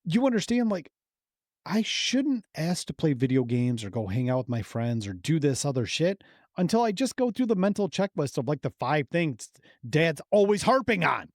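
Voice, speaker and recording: A male podcast host's voice is on the high side and moves at normal speed. He tells an enthusiastic, profane story in an animated, casual-chat style. The recording is dry, with clean studio sound.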